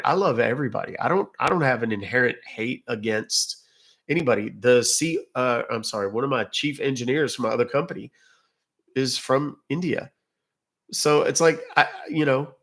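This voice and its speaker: This is a casual livestream chat in which a man from England, speaking with a British accent, answers viewers in a rambling, self-interrupting way. His mid-range voice has a fairly bright tone.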